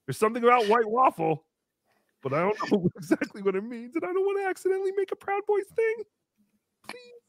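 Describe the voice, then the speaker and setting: Man doing a green puppet creature, high squeaky voice, wildly bouncing pitch, crude, giggly, third person talk, dry close sound. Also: a bit bright, dry recording. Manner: brash, giggly, talks about himself in third person. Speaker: puppet host reading donations. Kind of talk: comedy livestream puppet act.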